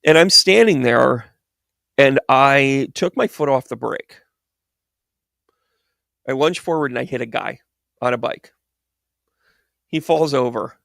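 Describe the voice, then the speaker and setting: Gravelly man telling a rambling story. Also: mid-range voice, slow pace, long pauses, fairly bright tone, no room sound, studio quality. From United States. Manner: rambling and digressive, restarts, laughs at his own story. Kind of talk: casual storytelling monologue.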